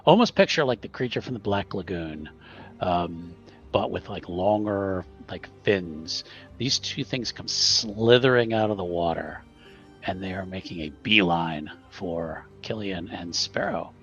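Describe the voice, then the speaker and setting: A man narrating a tabletop game as game master, pausing often with ums and restarts. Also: deep voice, lo-fi sound, faint music behind. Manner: hesitant, many ums and restarts.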